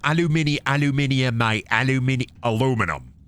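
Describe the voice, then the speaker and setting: A man's voice: mid-range voice, brisk, sharp tone, natural voice. A man putting on a fussy mock-British bloke. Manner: drawls words over and over, tacking on "mate".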